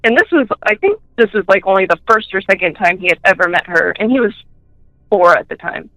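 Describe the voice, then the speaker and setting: A woman telling personal ghost stories in a chatty way, full of fillers, and switching into high voices when she quotes people. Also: animated, fairly quick, bright, forceful tone, dry recording, rough recording. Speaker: guest.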